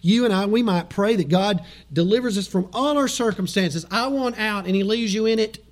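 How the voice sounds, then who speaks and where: Animated preacher, high voice. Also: male voice, brisk. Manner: animated preaching with quoted asides and chuckles. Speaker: pastor. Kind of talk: sermon.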